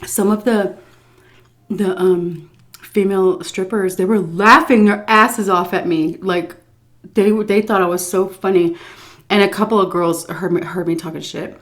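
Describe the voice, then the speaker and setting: In a mid-range, steady, slightly bright voice, a woman vlogger unhurriedly shares a casual story-time tale. Blunt and profane, she laughs a lot and mocks herself with embarrassed, confessional candor.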